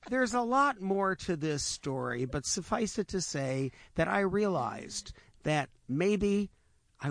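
A man with a gravelly edge to his voice tells stories on a radio show, close and dry on the mic. He moves through his anecdotes in a chatty way and acts out the lines of the people in them. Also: mid-range voice, dry recording. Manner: animated anecdotes with voiced quotes. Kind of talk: casual storytelling on radio.

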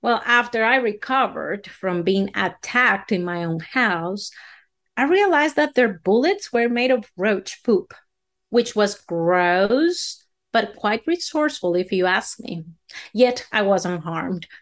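A woman's voice: medium pitch, lively intonation, slow, a bit bright. A woman storyteller spinning a folksy, dramatic tall tale in a drawling way.

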